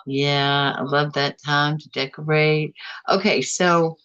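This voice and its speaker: Lady chatting on a live stream, reads comments, pitch jumps around, kinda dull lo-fi sound. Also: fairly even intonation, a bit bright, clear, resonant tone. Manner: chatty, drawn-out, swings up and down in pitch. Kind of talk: casual live chat reading viewer comments.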